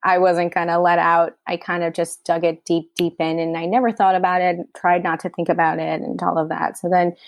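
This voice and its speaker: A woman's voice: lowish voice, little pitch movement, a little fast, creaky, hardly any pauses, no echo. A woman from Queens, New York, a writer-director telling a personal story in an interview, candid and emotional, her speech full of "like" and "you know.".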